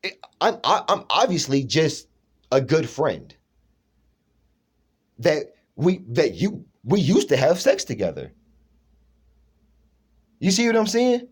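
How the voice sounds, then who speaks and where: Rambling man with a lively voice. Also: a little high, takes it slowly, pauses often, husky. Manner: emphatic, keeps asking "you know what I'm saying"; rambling, restarts often. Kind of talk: rambling personal vlog monologue.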